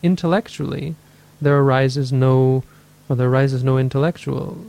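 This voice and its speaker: A meditation teacher gives a dharma talk answering questions, his mid-range voice steady, gravelly and dark-toned at a moderate pace. He thinks aloud thoughtfully, corrects himself, and acts out people's inner voices.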